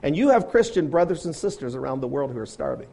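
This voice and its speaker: A man preaching a sermon, firing rhetorical questions and swinging between loud appeals and quiet, low asides. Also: big pitch swings, fast, gravelly. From grew up on a farm.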